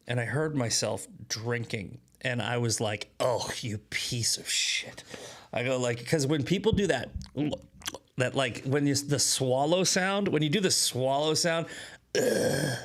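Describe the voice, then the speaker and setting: A man hosting a casual daily news livestream, rambling and self-mocking with lots of restarts, short on sleep and drinking coffee. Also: medium pitch. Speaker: host of daily news commentary show.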